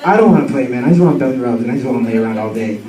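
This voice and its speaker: A man's voice: mid-range voice, animated, very fast, warm tone, pitched below the performer's own voice, lightly acted. A young man voicing a lazy, sassy female pet dog that whines and talks back. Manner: whiny and defensive, slangy. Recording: roomy sound from a distant mic.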